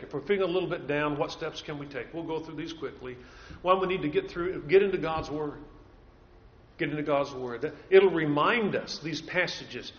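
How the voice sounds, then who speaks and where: A man's voice: a little high, fairly bright tone. A man preaching a sermon in an earnest way, repeating key phrases for emphasis, with occasional restarts. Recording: dull lo-fi sound.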